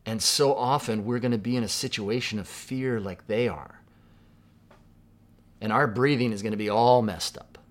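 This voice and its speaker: A man from Southern California preaching a sermon in a conversational, reflective way, dropping to a hush for quoted words. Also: fairly low pitch, moderate pace. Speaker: pastor.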